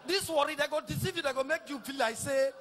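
A middle-aged Nigerian man with a Nigerian Pidgin accent, doing a teasing stand-up routine that repeats lines and shouts punchlines. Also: very high-pitched, fast talker, slight background noise. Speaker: stand-up comedian. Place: live comedy stage.

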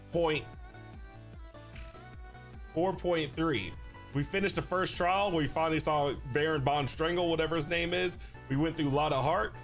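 Slangy young male streamer. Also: on the high side. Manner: loose slangy chatter, laughs often. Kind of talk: casual let's play commentary. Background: faint game music.

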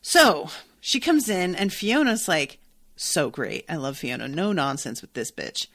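A woman podcast host reading a novel aloud, breaking off into animated, profane reactions. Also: fairly low pitch, unhurried, dry recording, studio quality.

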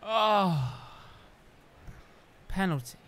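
A young man giving excited live commentary while playing a video game, cheering and groaning at the screen. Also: high-pitched, drawn-out words, slight background noise. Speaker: gaming video host.

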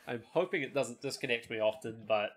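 A man with a bright, forceful voice chats with friends while he plays, laughing a lot between exasperated complaints about his connection. He swears lightly and keeps things casual. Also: medium pitch, normal speed. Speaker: gaming channel host. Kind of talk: casual gameplay chat.

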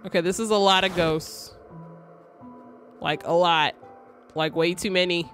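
A woman's voice: fairly low pitch, fairly even intonation, a little slow, fairly bright tone, faint music behind. A young woman streamer giving joking, slangy commentary while playing a game. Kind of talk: casual gameplay commentary.

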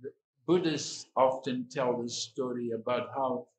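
A man giving an evening sermon as a swami, speaking slowly and deliberately with repetitions and asides. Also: mid-range voice, steady tone, a little mellow, a little hiss or hum. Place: hall at an evening gathering. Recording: echoey hall.

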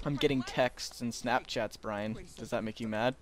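A man's voice: medium pitch, fairly even intonation, normal speed. A teenage boy chatting casually with friends while gaming, giggly and easily surprised. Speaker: gamer.

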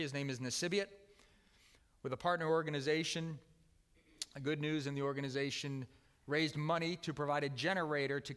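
A man preaching a sermon with earnest emphasis, often dropping to a soft, quiet voice on key words. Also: on the high side, smooth, in a large hall. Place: church sanctuary.

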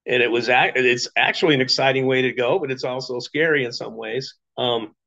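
Middle-aged man, mid pitch, storyteller type, loose conversational delivery, lo-fi sound. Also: brisk, creaky, pushed and bright. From Las Vegas, Nevada. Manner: chatty storytelling with fillers and acted quotes. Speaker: business testimonial speaker. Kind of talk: casual personal story. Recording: dull lo-fi recording.

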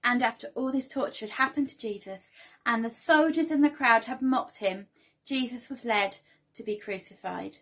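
A young woman presents a storytelling lesson for children in a church setting. Her voice sits slightly high, and her manner is gentle as she asks the children questions and invites them to take part. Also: normal speed.

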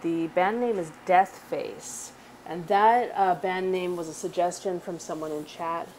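A woman's voice: on the low side, unhurried, darkish tone, a little hiss or hum. A woman hosting a script read stream in casual chat. She is chatty, laughs often and drifts into rambling asides.

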